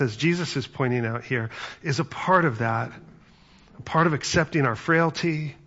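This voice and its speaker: Storytelling and acting out quotes, a man delivers a conversational sermon as pastor. The recording is lo-fi, and his voice is medium in pitch and a bit bright.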